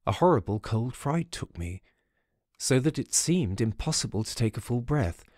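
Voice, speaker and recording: A man narrating a first-person ghost story audiobook in a measured storytelling manner. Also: medium pitch, very animated, darkish tone, no echo, studio quality.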